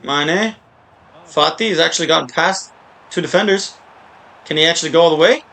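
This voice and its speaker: A man giving casual, rambling live commentary while playing a soccer video game, often breaking into excited shouts and cheers. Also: on the high side, brisk, vocal fry. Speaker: gaming YouTuber.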